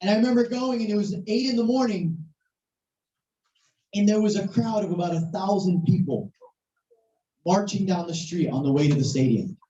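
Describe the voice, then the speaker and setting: A preacher telling a story in a sermon, animated and at times shouting, recorded in a church hall. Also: mid-range voice, moderate pace, pauses often. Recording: echoey, distant, muffled hall recording.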